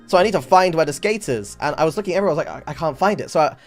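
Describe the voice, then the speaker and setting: A man streaming, telling a story in casual chat, animated and swearing often, acting out the people in it. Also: on the high side, very fast, faint music behind. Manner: animated, swears a lot, acts out voices in the story.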